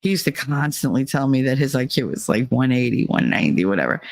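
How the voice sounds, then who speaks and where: A woman's voice: rumbling low, expressive, fast, vocal fry, no echo. A woman chatting casually on a livestream, swearing freely as she tells stories and answers chat. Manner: profane, storytelling, mimics others in quotes. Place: away from home, traveling.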